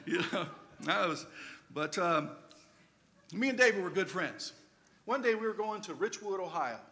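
A man's voice: high voice, lively intonation, normal speed, fairly bright tone. An older man preaching, telling a playful, humorous personal story as a storytelling sermon.

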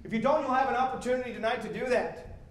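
A man pastor preaching a sermon in a church, conversational and animated, repeating himself as he builds. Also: extremely high pitch, quick pace, roomy sound. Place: church sanctuary.

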